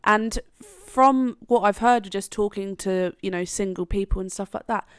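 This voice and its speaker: Chatty young woman, smooth voice. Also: mid-range voice, normal speed, dry recording. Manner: chatty, swears casually, laughs often. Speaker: podcast co-host. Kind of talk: casual chat.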